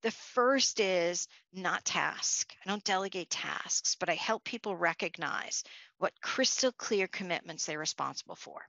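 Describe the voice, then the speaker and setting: A woman's voice: on the low side, expressive, measured pace, gravelly, pushed and bright, dry recording, lo-fi sound. A woman from Long Island, New York, giving a conversational leadership talk with stories and restarts. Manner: conversational, restarts, storytelling asides. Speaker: leadership speaker.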